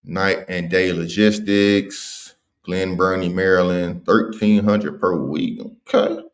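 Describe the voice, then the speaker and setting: A man's voice: deep voice, fairly even intonation, takes it slowly. A man hosting a casual livestream, talking in slang and reading viewer comments aloud. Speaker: livestream host.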